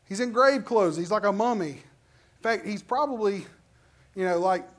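This is a pastor giving a lively, conversational sermon from the pulpit of a church. They keep turning to the congregation with questions and call-outs, then push into emphatic stretches of preaching. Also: medium pitch, normal speed.

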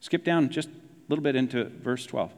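A man preaching a sermon in a conversational, animated way, dropping his voice low to stress key points. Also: a little fast, big-room sound. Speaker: pastor.

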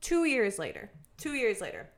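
Speaking at a normal pace in a voice on the high side, a young woman from Minnesota spins a lengthy tale while co-hosting a podcast, performing each person's dialogue with animation and using "like" nonstop.

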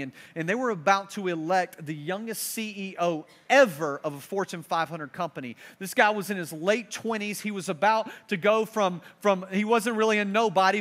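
Young man, preacher, high-pitched, sharp tone, animated, loud-to-hushed swings. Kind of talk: sermon with personal stories.

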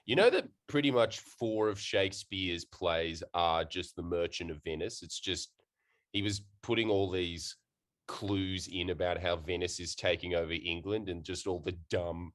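A man in casual chat, riffing absurd jokes with a deadpan delivery. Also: low voice, a little slow.

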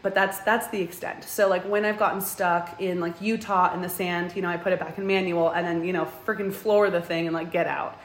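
A woman's voice: fairly low pitch, fairly quick, few pauses, reverberant. A young woman guest in a casual interview, telling stories animatedly and saying "like" a lot. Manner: animated, says "like" often, acts out quotes. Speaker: guest, van dweller.

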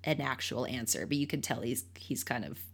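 A woman's voice: rumbling low, fairly quick, slightly rough. A woman co-hosting a podcast, retelling a book with enthusiasm and frequent laughter. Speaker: podcast co-host. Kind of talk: casual chat about a book.

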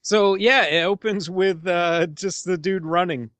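A man's voice: high-pitched, unhurried, a bit bright, no room sound. A man co-hosting a casual movie podcast, rambling and laughing as he talks. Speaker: podcast co-host.

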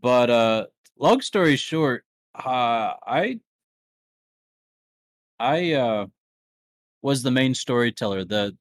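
A man co-hosting a podcast, teasing his friends in casual chat, laughing often and pausing on fillers. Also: mid-range voice, animated, no room sound, studio quality.

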